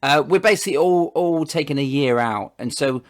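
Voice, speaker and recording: A man's voice: fairly high pitch, a little fast. Rambling man hosting a video chat. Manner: rambling, restarts words often. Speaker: host. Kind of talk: casual video call interview. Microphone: video call.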